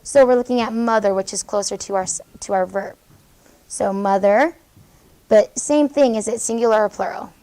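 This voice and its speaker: A woman teaching a high school English class, brisk and encouraging, questioning students as she goes. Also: warm tone, poor audio. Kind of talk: classroom lesson.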